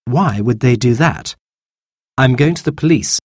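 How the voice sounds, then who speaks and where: Storybook mother, firm and brisk, slightly raised, as a man puts her on. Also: mid-range voice, animated, a little mellow, husky, no echo, studio quality, pitched above the performer's own voice.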